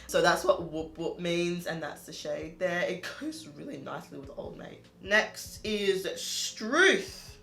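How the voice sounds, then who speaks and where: A woman's voice: on the low side, expressive, slow, gravelly, few pauses, a bit bright. Chatty Australian woman, roomy echo. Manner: chatty, lots of "like", laughs at herself. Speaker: beauty vlogger. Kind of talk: casual makeup review chat. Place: home room.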